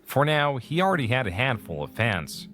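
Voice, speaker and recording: Lively male documentary narrator over music. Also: mid-range voice. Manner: measured storytelling. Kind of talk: scripted narration.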